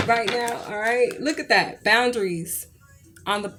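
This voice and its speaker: A woman's voice: a little high, unhurried, noisy background. A woman who reads tarot, telling a rambling story in a chatty, ranting way and checking in with "okay?" again and again. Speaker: tarot reader. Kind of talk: casual storytelling tarot reading.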